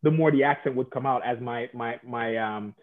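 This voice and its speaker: A man's voice: mid-range voice, moderate pace. Jamaican-born guy telling stories, faint accent, sounds like it's coming over a phone line. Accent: American with faint Jamaican traces. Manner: animated storyteller, drops to soft asides. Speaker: salon educator guest. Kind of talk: conversational podcast advice. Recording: phone-like narrow band.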